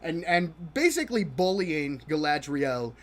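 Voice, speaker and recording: A man with a fairly high, slightly bright voice and big pitch swings runs a live stream, grumbling and scoffing about a show while he plays. He is exasperated and mocking, and his halting, restart-heavy delivery keeps breaking into laughter at how bad he found it.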